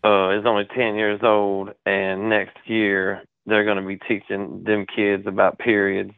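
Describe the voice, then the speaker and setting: Gravelly man on a tinny line. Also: lowish voice, unhurried, no echo. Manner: animated storyteller, profane. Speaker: podcast co-host. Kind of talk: casual chat.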